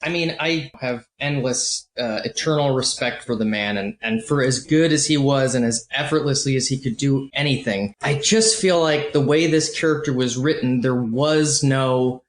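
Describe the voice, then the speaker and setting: A man hosting a podcast, talking through a film in a measured, analytical way. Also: mid-range voice, slight background noise. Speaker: podcast host. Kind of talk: casual film discussion. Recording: roomy echo.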